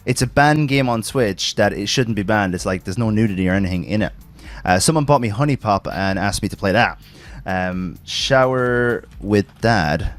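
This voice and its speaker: A man's voice: lowish voice, animated, fairly quick, soft background music. A man hosting a casual gaming podcast, rambling through stories, laughing often and swearing casually. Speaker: streamer host.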